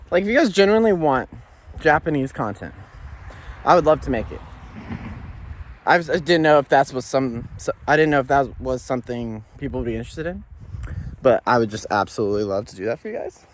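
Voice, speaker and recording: A man's voice: medium pitch, a little hiss or hum. A young man vlogging while hiking outdoors, chatting casually in a rambling, joking, candid way into a phone camera.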